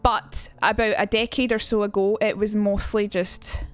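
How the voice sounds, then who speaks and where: A woman's voice: medium pitch, little pitch movement, moderate pace, clean tone, faint music behind. A young woman with a Glaswegian Scottish accent, streaming a casual lesson, chatty and sweary and reading out her chat. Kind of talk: casual live-stream teaching.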